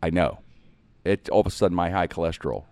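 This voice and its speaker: A man's voice: deep voice, quick pace, smooth, no echo. A middle-aged man hosting a show, telling a long comic story in casual chat and acting out other people's lines. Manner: animated, jokey, acts out other people's lines.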